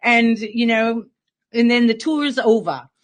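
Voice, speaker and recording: A woman's voice: on the high side, slow pace. A woman telling a rambling, casual story as an interview guest, full of fillers and asides.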